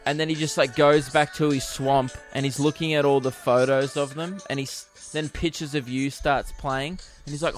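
A man's voice: fairly high pitch, fairly even intonation, moderate pace, hardly any pauses, faint music behind. A young man, hosting a casual solo podcast, rambling and giggly with lots of fillers. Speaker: podcast host and comedian.

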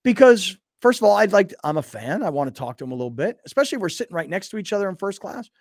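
A man hosting a sports radio show, telling stories in an animated way and acting out the scenes. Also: sits high, very fast, dry recording, studio quality. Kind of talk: casual sports talk.

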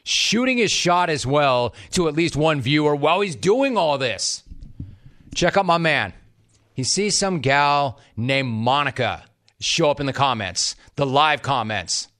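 A man's voice: fairly high pitch, animated, measured pace, a bit bright. A man delivering scripted sports commentary in a wry, mocking way.

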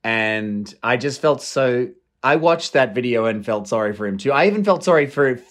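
A young adult man chatting casually as a podcast guest, lively and quick to slip into mocking voices. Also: medium pitch. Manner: animated, slips into mock voices. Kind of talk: casual chat.

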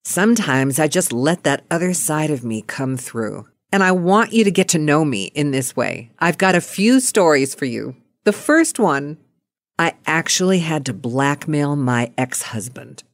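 A middle-aged woman telling a personal anecdote in a playful, animated way. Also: deep voice, a little slow, no room sound, clean studio sound. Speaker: storyteller.

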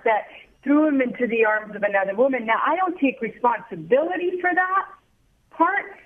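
A woman guest on a radio show, calling in by phone and earnestly explaining steps of healing after infidelity. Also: a little high. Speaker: guest author and counselor. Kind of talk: interview answers. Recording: tinny phone line with faint noise.

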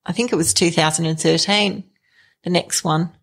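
A woman's voice: fairly low pitch, steady tone, moderate pace, gravelly. A middle-aged woman telling her own story in an interview, hesitant, with many fillers and restarts. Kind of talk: candid personal storytelling.

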